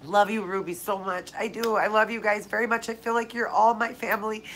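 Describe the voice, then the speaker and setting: A woman's voice: medium pitch, little pitch movement, brisk, a bit bright, a little hiss or hum, low-quality recording. A woman hosting a live viewer Q&A, talking casually and tearfully, speaking straight to viewers by name. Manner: emotional, heartfelt, speaks directly to viewers by name. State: tearful, crying. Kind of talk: casual live-stream chat.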